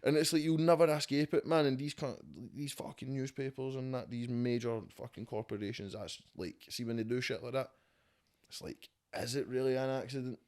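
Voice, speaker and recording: Man, Scottish accent, podcast guest, casual chat, rambling, sweary, mid pitch. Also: fairly even intonation, brisk, darkish tone. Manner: loose, swearing-heavy, rambling. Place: a home.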